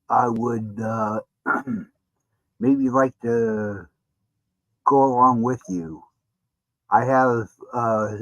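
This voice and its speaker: A man playing a tabletop game, speaking slowly and hesitantly. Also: medium pitch, no echo, muffled recording. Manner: slow, hesitant. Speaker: player.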